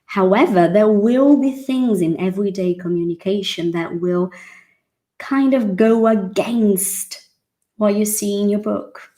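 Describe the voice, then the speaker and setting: Brazilian woman, 30s, native Portuguese speaker, English teacher; unhurried, expressive, accented casual lesson delivery. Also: mid-range voice. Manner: expressive, acts out surprised reactions.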